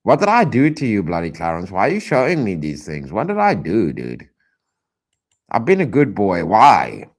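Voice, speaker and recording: A man streaming reaction commentary, exasperated and loud, repeating himself and swearing often. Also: fairly low pitch, huge pitch swings, moderate pace.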